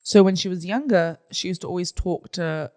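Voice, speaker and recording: A woman's voice: on the low side, moderate pace, darkish tone. A woman co-hosting a comedy podcast, chatting casually and often answering her partner with "mm-hmm". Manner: chatty, backs the other host with "mm-hmm". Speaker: podcast co-host. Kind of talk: casual chat.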